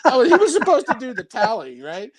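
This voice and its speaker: A man who is a guest on a casual podcast, telling stories with lively, acted-out quotes. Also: extremely high pitch, fast talker, crowd noise. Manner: animated storyteller, acts out quoted voices. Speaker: guest artist.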